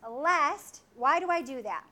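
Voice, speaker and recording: A woman preaching a sermon in an animated way, acting out voices and laughing often. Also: sits high, measured pace.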